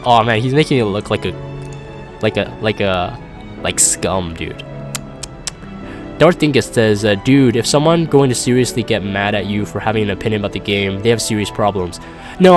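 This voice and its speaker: A young man with a mid-range voice chats casually as a gaming YouTuber, rambling and making fun of himself while reading live comments.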